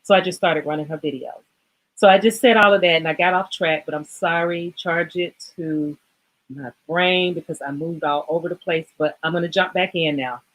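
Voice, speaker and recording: A woman's voice: on the low side, steady tone, moderate pace, low-quality recording. A woman hosting a casual fitness livestream, talking in a rambling, emotional way, choked up and apologizing as she goes. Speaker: livestream host.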